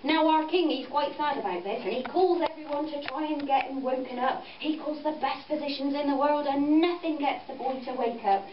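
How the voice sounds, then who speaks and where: A woman's voice: high-pitched, a little fast, few pauses. A woman telling a story to children at a farm venue, coaxing and playful, with many tag questions. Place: farm venue, roomy space. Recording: echoey, distant, dull with background noise.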